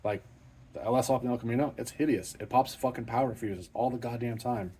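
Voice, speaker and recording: A man's voice: mid-range voice, a little fast, darkish tone, breathy edge. A middle-aged man hosting an off-the-cuff garage vlog, swearing freely and talking in a blunt, self-deprecating, matter-of-fact way. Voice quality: profane, blunt and plain-spoken. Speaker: car channel host. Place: home garage.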